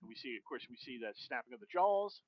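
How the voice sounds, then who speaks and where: A man streaming and casually narrating a comic aloud, in loose, halting sentences full of fillers, in a dull lo-fi recording. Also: mid-range voice, animated. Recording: dull lo-fi stream mic with faint noise.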